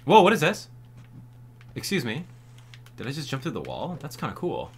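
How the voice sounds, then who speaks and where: A man hosting a video game walkthrough, commenting in an excitable way and exclaiming often. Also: mid-range voice, normal speed, breathy edge. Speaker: gaming channel host.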